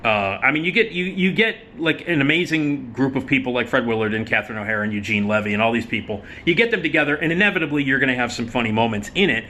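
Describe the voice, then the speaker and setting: Bright-voiced man ranting with profanity. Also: mid-range voice, animated, fast talker, hardly any pauses, slight background noise. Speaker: host. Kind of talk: opinionated solo commentary.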